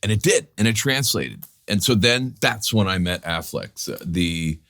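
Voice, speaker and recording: Deep-voiced man telling stories, profane and animated. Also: normal speed. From New York. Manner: animated, profane, restarts a lot, acts out quotes. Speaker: guest actor. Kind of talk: storytelling in a casual interview.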